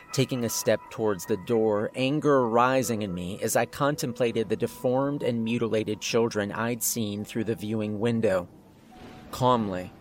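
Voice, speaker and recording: Male horror narrator, steady and suspenseful, faint music bed. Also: on the low side.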